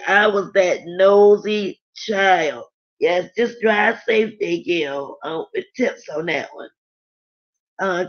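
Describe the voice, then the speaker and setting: A middle-aged woman hosting a casual live stream, chatting candidly and reading viewer comments aloud. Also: fairly low pitch. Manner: chatty, candid, rambling with restarts. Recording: dull lo-fi sound.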